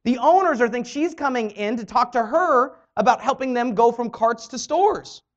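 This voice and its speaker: A woman trainer tells a motivational story in an animated way and acts out what other people said. Her voice sits a bit high and moves all over the place. The recording sounds dull and lo-fi. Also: moderate pace. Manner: animated, acts out quoted dialogue. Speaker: network marketing trainer. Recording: dull lo-fi audio.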